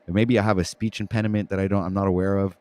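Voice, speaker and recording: A man's voice: deep voice, flat delivery, racing, darkish tone, clear, resonant tone. A man from Canada with a French Canadian accent hosting a casual livestream talk show, stumbling over his words and joking about himself. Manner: stumbling, self-mocking, often restarts words.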